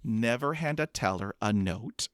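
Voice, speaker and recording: A man's voice: lowish voice, lively intonation, unhurried, no room sound, studio quality. A man who stutters, with blocks and repeated sounds, telling a self-mocking personal story and acting out quotes. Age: adult with a master's degree.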